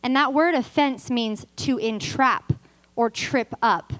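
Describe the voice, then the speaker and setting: A woman's voice: fairly high pitch, takes it slowly, low-quality recording. A woman in her thirties from California, a guest preacher giving a sermon and telling her own story, acting out the dialogue as she goes. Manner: lively storyteller who acts out dialogue. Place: church service.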